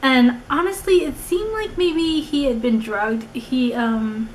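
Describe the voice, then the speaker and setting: A woman's voice: sits high, slow, slight background noise, low-quality recording. Chatty young woman telling a story. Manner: animated, rambling with many "like"s and restarts. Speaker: vlogger. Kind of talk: casual storytelling.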